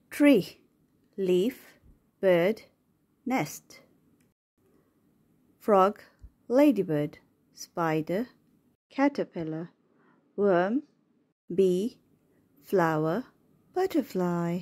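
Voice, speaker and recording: Slow, low-pitched woman reading single words. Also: animated, darkish tone. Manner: slow, clear, one word at a time. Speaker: reader of a children's word book. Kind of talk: reading aloud word by word.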